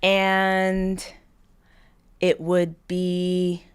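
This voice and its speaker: Relaxed woman guest on a podcast, lowish voice, keeps answers short and laughs a lot. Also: drawn-out words, clean tone. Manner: laid-back, laughs often, answers short. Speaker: guest, pro cyclist. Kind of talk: casual podcast chat.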